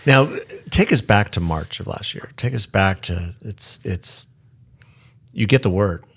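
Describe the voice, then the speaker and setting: Podcast co-host: low, gravelly, husky man, relaxed questions, a bit off the mic. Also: a little slow. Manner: relaxed, asks short questions. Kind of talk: casual podcast interview.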